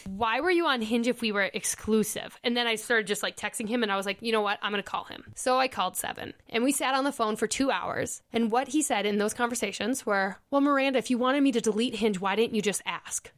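Animated woman retelling a breakup. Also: fairly high pitch, brisk, few pauses. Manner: animated retelling, quoting texts aloud. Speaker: podcast host. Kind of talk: casual storytelling chat.

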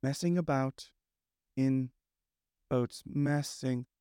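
A man's voice: moderate pace, no echo, clean studio sound, lightly acted. A man voicing a dreamy old water rat. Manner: solemn, musing, breaks into excited high bursts. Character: genial dreamy male water rat, boat-lover. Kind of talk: storybook character reading.

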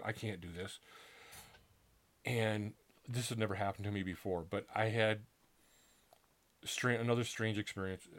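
A middle-aged man earnestly recounting a personal story in a casual, halting way, acting out what people said to him. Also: on the low side. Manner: earnest, halting, with restarts and acted-out quotes. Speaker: author telling his story.

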